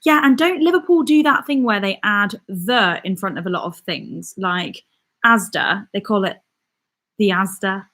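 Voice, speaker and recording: A woman's voice: mid-range voice, lively intonation, a little slow, a bit bright. A young woman hosting a casual live stream. She reads viewer comments aloud and answers them, often laughing and correcting herself mid-sentence.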